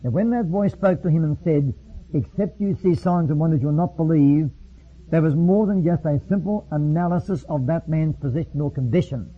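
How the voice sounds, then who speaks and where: A man preaching a sermon, reading passages aloud slowly and solemnly, then explaining in his own words with some restarts. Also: on the high side, slightly rough. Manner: reads slowly and solemnly, then speaks freely with repeats. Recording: phone-like lo-fi line.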